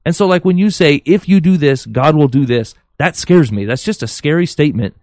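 A man's voice: a little high, expressive, a little fast, darkish tone, dry recording. A man co-hosting a podcast, giving his views earnestly, thinking aloud with many fillers and restarts. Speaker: podcast co-host. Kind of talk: casual opinion chat.

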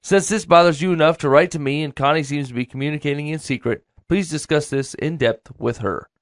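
A man's voice: a little high, a little fast, dry recording, clean studio sound. A man co-hosting a casual podcast, reading listener advice letters aloud and chatting.

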